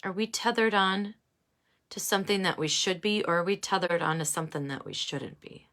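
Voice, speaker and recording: A woman giving a casual oracle card reading, musing and halting with many fillers. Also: lowish voice, a bit bright.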